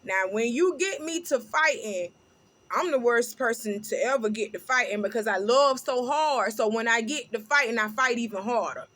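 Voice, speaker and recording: Middle-aged lady vlogger spilling tea, bright voice, laughs a lot, kinda high. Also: moderate pace. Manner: loud, laughing, animated storytelling with sung snippets. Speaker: host. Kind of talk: casual commentary vlog.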